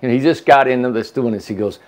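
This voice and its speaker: A man's voice: medium pitch, fast talker. A man hosting a casual chat, telling a long story with restarts and asides. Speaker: host.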